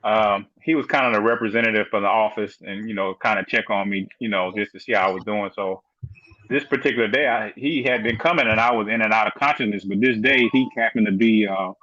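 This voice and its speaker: A middle-aged man, a podcast guest, telling his story in a casual, animated way, filling it with "you know" and acted-out quotes. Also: lowish voice, a little fast, no echo, dull audio.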